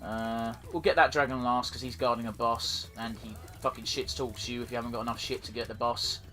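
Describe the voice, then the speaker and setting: A man's voice: medium pitch, steady tone, fairly quick, pushed and bright, soft background music. A man hosting a let's play, giving rambling, profane, self-deprecating commentary while he plays. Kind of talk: casual gameplay commentary.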